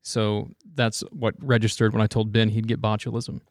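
A man's voice: fairly low pitch, little pitch movement, normal speed, no room sound, studio quality. A man in his thirties, a father of young kids, telling stories in casual chat with lots of fillers. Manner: rambling storyteller, many fillers.

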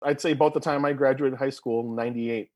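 A man's voice: mid-range voice, fairly even intonation, a little fast, a little mellow. A man in his forties co-hosting a casual podcast chat, reading out birthdays with jokey asides. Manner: jokey, reads listings with asides.

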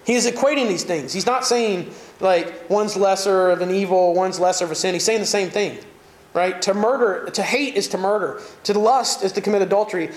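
Animated Southern preacher man, high voice. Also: a little fast, echoey room. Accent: Southern American. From Southern United States. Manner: animated, conversational preaching with jokes and asides. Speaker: pastor. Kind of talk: sermon.

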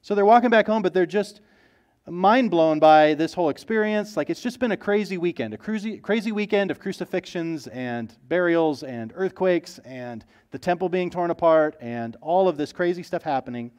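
A man's voice: sits high, moderate pace. Conversational man preaching a sermon. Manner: conversational, animated, acts out quoted voices. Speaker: pastor.

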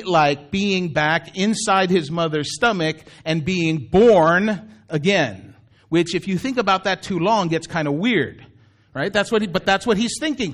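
High-voiced pastor preaching casually. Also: male voice, fairly bright tone. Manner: conversational storytelling, asides to the congregation. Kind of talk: sermon.

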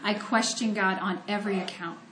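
A woman's voice: medium pitch, fairly even intonation, brisk, reverberant, a crowd in the background. A woman from Ohio giving a conversational, earnest sermon that mixes scripture reading with personal storytelling. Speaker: preacher.

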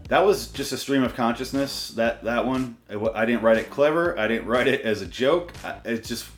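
Male vlogger, mid-pitched, cursing and exasperated, solo rant in a reverberant room. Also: normal speed, few pauses, soft background music. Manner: profane, exasperated ranting. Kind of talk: ranting solo video. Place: room recorded on camera and portable recorder.

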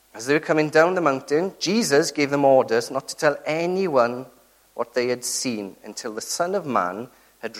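A man preaching a sermon, earnest and emphatic, who keeps turning to the congregation with rhetorical tag questions. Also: mid-range voice.

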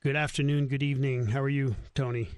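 A man's voice: mid-range voice, fairly even intonation, fast, darkish tone, clean tone, dry recording. Man, radio host, rambling casual chat, dry studio sound. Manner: rambling, self-correcting, laughs easily.

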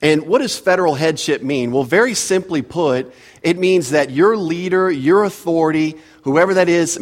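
A man preaching a sermon as a pastor, in a conversational way with asides and repeated words, recorded in a church sanctuary. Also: on the high side. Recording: reverberant church hall.

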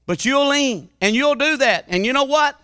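A man preaching a sermon, dropping to a hushed murmur and then rising to loud, impassioned appeals. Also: extremely high pitch, lively intonation, moderate pace, dry recording, studio quality.

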